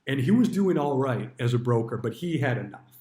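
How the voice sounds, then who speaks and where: A man's voice: medium pitch, big pitch swings, brisk, warm tone. A man, a retired stockbroker, telling stories about his old job in a blunt, casual way, swearing freely. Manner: blunt, swears freely, acts out quoted dialogue. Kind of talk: casual storytelling monologue. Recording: roomy echo.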